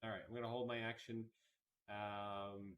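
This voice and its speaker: A man's voice: lowish voice, level tone, normal speed, a bit bright, a little hiss or hum. A man playing a monk in a tabletop game, talking eagerly. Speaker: player. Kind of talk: casual tabletop play.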